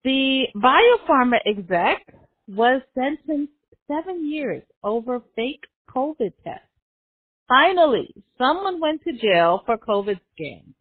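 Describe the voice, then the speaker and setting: Woman podcast host, higher voice, sarcastic comic news recap, dry close sound. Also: very animated, slow, breathy edge, no echo. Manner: sarcastic, laughs between jokes. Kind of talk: comedic news roundup. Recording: tinny phone-like sound.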